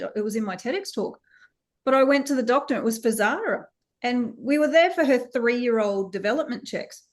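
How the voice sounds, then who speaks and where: A woman in her thirties with an Australian accent, a company founder giving a candid interview, animated and laughing often as she acts out the voices of others. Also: a little high.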